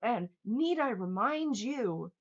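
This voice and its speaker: A woman's voice: on the high side, lively intonation, slow pace. A young woman livestreaming, ranting angrily at her chat in a heated, profane, sarcastic way. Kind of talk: angry livestream rant reading chat. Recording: dull lo-fi stream audio.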